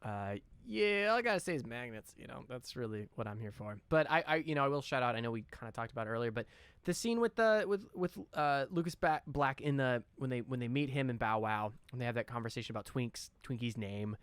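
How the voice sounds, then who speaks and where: A man hosting a casual film podcast, excitable and loose with swearing. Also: mid-range voice, brisk, clean tone, dry recording. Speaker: podcast host.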